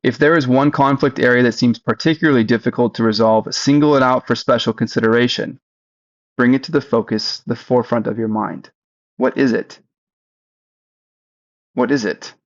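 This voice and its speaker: Slow, gravelly-voiced man teaching. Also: mid-range voice, fairly even intonation, lo-fi sound. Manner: slow, deliberate, leads repetitions. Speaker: spiritual teacher. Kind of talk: guided meditation teaching.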